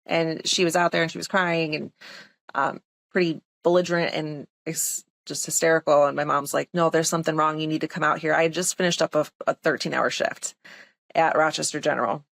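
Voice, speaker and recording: A young woman who works as a nurse tells a personal story as a guest in a casual podcast interview. Her voice is low, gravelly, and a bit bright, with a steady tone and a fairly quick pace, recorded with no room sound. She's chatty and emphatic, dropping "like" and "um" constantly as she retells it.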